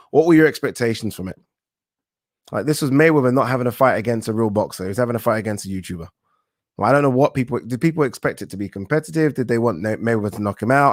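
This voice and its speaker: This boxing channel host, an Englishman, jokes around and swears casually in a laid-back chat while going through viewer comments. The audio is studio quality, without any room sound, and his voice is mid-range.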